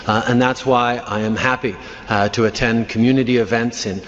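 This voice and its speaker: A male politician answering a press question in a halting way, full of filler pauses. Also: mid-range voice, fairly even intonation. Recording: dull lo-fi archive clip with faint noise.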